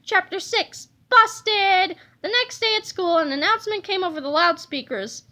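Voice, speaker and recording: A woman reading a children's storybook aloud in a lively, playful way, adding sound effects. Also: extremely high pitch, brisk. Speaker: reader of a children's book.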